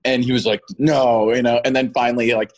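A man's voice: mid-range voice, flat delivery, fairly quick. A man in his thirties, a guest chatting casually in an interview, laughing often and restarting his sentences. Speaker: actor guest.

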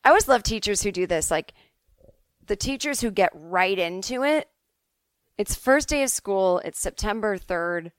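A woman's voice: mid-range voice, normal speed, dry recording. Woman podcaster, middle-aged, from the boston suburbs, chatty and swearing, dry close sound. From Boston suburbs, USA. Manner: chatty, animated, swears freely, acts out quotes. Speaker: podcast host answering listener emails. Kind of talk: casual comedic storytelling.

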